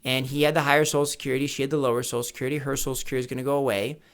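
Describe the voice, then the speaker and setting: A man's voice: mid-range voice, flat delivery, rapid-fire, a bit bright, smooth. A man advising on retirement, speaking emphatically, repeating key questions and telling anecdotes to make his point. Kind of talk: educational talk to camera. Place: office or home studio. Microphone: camera mic with studio lights setup.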